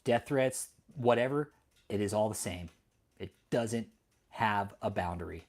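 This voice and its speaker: A man's voice: fairly low pitch, measured pace. A middle-aged man from Texas, hosting an angry, profane commentary rant full of defiance and swearing. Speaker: host.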